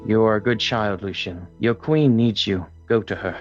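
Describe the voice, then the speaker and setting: A man voicing a calm, sorrowful female queen in a tabletop game podcast, speaking softly and with measured solemnity. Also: fairly low pitch, highs cut off, soft background music, close to an everyday voice.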